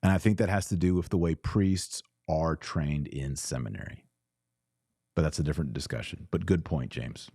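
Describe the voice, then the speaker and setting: A man's voice: very deep voice, moderate pace, dark tone, breathy edge, no echo, clean studio sound. A man hosting a livestream, reading viewer comments aloud and answering them in an earnest, emphatic way that often repeats phrases. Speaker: host reading super chats.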